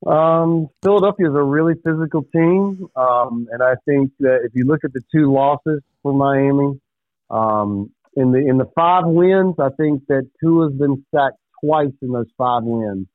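A man's voice: medium pitch, unhurried, no room sound. A man calling into a radio show as a guest, talking sports casually with wry, dry jokes. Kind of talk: casual sports talk chat. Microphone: phone. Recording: tinny phone line.

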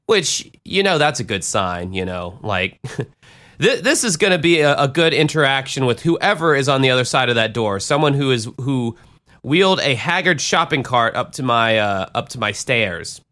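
A man's voice: mid-range voice, lively intonation, normal speed, bright, forceful tone. A man hosting a podcast, telling a profane, rambling story in a self-deprecating way. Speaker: podcast host and DJ. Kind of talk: casual storytelling.

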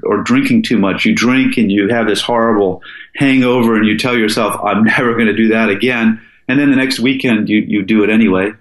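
A low-voiced older man from Alaska who tells an adventure story as a podcast guest. He is earnest and often stops to restart his sentences. The room around him sounds echoey. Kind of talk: casual storytelling interview.

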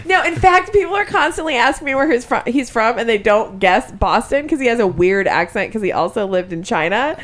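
A woman's voice: fairly high pitch, lively intonation, fairly quick, hardly any pauses, slight background noise. A woman who is a guest on a podcast, chatting casually, swearing freely and often laughing while she tells stories.

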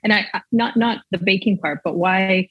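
A woman's voice: mid-range voice, moderate pace, breathy edge, no room sound, dull audio. A woman host from Saskatchewan, Canada, speaking earnestly to a guest and often restarting her sentences. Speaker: podcast host. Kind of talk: conversational interview.

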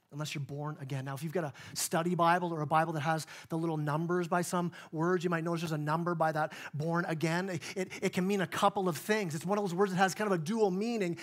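A man's voice: high voice, steady tone, brisk, hardly any pauses. A male pastor giving a sermon in church, in a conversational way that keeps acting out the people in the story. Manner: conversational, plays out dialogue in voices.

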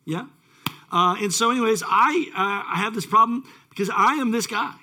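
A man's voice: sits high, normal speed, pushed and bright. A male pastor preaching a casual, rambling sermon with many fillers and self-deprecating asides.

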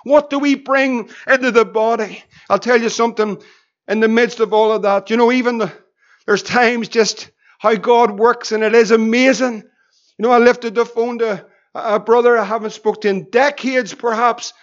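Man, middle-aged pastor, high voice, sermon, repeated rhetorical questions, muffled lo-fi audio. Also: fairly even intonation, normal speed. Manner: repetitive rhetorical questions, chuckling anecdotes. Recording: dull lo-fi recording.

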